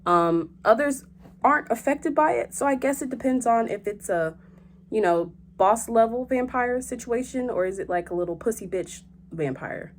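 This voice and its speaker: A young woman hosting a vlog in casual chat, animated and joking, with frequent swearing. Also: fairly high pitch, moderate pace, a little hiss or hum. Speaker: host.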